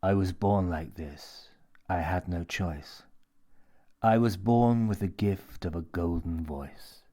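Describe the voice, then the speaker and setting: A man voicing a menacing, theatrical mad old man who talks in a smooth, coaxing, lecturing way. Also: low-pitched, takes it slowly, dark tone.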